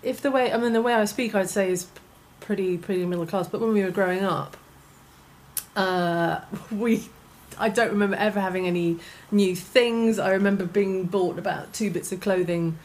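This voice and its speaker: A middle-aged woman with a posh English accent, a stand-up comedian chatting as a guest in an animated, self-deprecating way, often restarting and laughing. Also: mid-range voice, moderate pace, rough recording. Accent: posh southern English. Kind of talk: casual chat.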